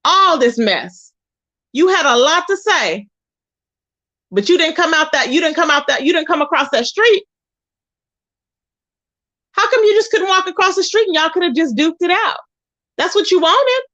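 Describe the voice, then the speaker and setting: A woman hosting a casual livestream, telling stories in an animated, expressive way with loud exclamations. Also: very high-pitched, moderate pace, long pauses, muffled recording. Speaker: livestream host.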